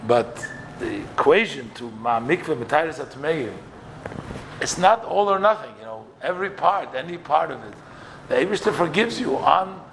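Man, gravelly voice, Torah teacher, walks through texts step by step, faint ambience behind. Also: on the high side, big pitch swings, moderate pace, fairly bright tone, slight background noise. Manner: explains texts step by step, quoting and translating. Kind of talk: Torah class.

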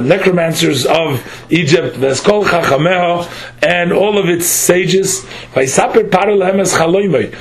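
Higher-voiced man teaching a text class. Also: rough recording. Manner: reads phrases aloud, then translates each line; halting, with frequent restarts. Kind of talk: text study lesson.

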